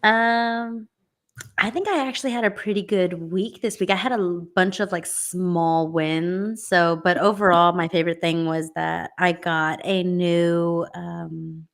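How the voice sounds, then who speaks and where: A woman's voice: on the low side, fairly even intonation, unhurried. A woman co-hosting a podcast, chatty and candid, telling stories with laughs. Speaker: podcast co-host. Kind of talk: casual chat.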